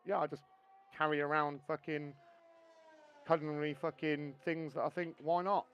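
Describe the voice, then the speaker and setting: A man's voice: fairly high pitch, level tone, moderate pace, lo-fi sound, slight background noise. A man streaming a co-op racing game, chatting casually, joking and swearing freely as he tells stories between laps. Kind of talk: casual gaming banter.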